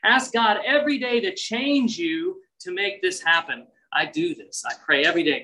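A pastor delivering an earnest, conversational sermon, his voice bright and forceful. He often sinks to a near-hush before rising again. He sounds somewhat far from the microphone. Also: sits high, moderate pace, hardly any pauses. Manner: earnest, conversational preaching with sudden drops to a hushed voice.

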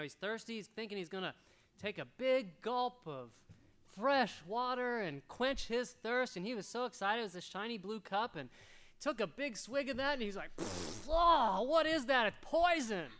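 A middle-aged man preaching a sermon, animated and storytelling, acting out little voices as he goes. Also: high voice, brisk. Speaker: pastor.

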